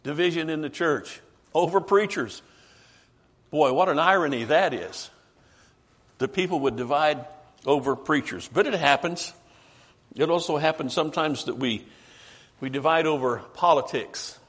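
A man preaching a sermon emphatically, asking rhetorical questions and slowing down for stress. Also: fairly high pitch, a bit bright.

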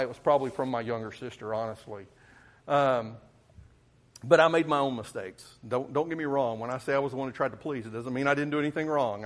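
Folksy preacher telling a story. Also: male voice, medium pitch. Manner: folksy, self-correcting storyteller. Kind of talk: sermon storytelling.

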